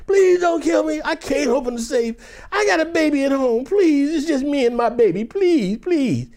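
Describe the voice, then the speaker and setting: A man's voice: expressive, normal speed, darkish tone. A man voicing a terrified young woman manager who cries and begs for her life. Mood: pleading, terrified. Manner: crying, begging, high and strained.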